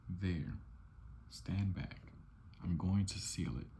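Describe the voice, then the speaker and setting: A man's voice: low-pitched, slow, gravelly, warm tone, slight background noise, heavily acted. A man voicing a bickering male villain twin scientist in a whispered role-play.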